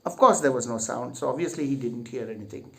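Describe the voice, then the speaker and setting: A man's voice: mid-range voice, fast talker, vocal fry, bright, forceful tone. A man teaching literature, reading each line of a play aloud with emphasis and then paraphrasing it plainly.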